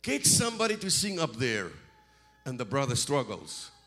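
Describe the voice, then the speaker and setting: A middle-aged man from South Africa preaching a sermon as a visiting preacher, animated, repeating words and swelling into shouts. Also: mid-range voice, normal speed, soft background music.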